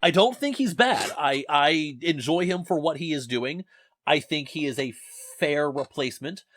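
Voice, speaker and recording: A man's voice: on the high side, lively intonation, normal speed, fairly bright tone. Rambling, self-deprecating young man. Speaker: podcast host. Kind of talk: casual podcast chat. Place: home basement.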